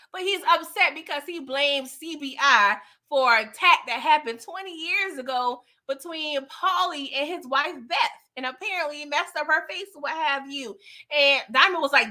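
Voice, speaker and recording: A woman's voice: high voice, normal speed, pushed and bright. A woman casually recapping TV episodes for her viewers, chatty and slangy, talking straight to the audience. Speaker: TV show recap vlogger.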